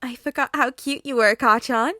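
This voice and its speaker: A woman's voice: high-pitched, fairly even intonation, normal speed, sharp tone, no room sound, studio quality, voice pushed up. A woman voicing an unhinged, teasing villainous teenage boy in a fan audiobook reading. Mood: menacing. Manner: sing-song, teasing, unsettling.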